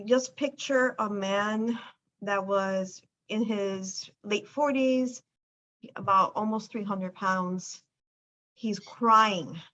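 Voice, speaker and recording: A woman who hosts for a weight loss clinic leads a casual chat about the program, telling a client story emphatically and enthusiastically. Her voice is medium-pitched and fairly bright, on a dull lo-fi recording.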